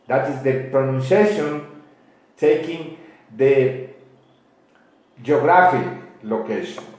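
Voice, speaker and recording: A man, a teacher explaining English dialects slowly and with some hesitation in an interview. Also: medium pitch, expressive, darkish tone. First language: Spanish. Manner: slow, deliberate, a little halting. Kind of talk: explanatory answers in a class interview. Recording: very echoey room.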